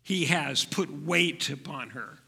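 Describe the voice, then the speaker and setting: A man preaching a sermon as pastor, gentle and unhurried, letting his voice drop soft. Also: a little high, vocal fry, breathy edge, long reverb tail.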